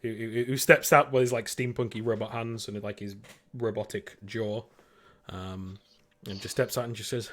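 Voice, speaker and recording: A man's voice: lowish voice, fairly even intonation, moderate pace, fairly bright tone. A man narrating a sci-fi tabletop game as game master, rambling with many fillers and restarts.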